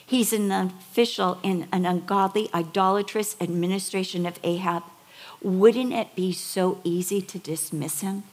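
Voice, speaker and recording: A woman's voice: mid-range voice, fairly even intonation, a little slow, a little mellow. A middle-aged woman preaching a sermon, telling stories with feeling and building to emphatic, repeated words. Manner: emotional storytelling, building to emphatic repetition.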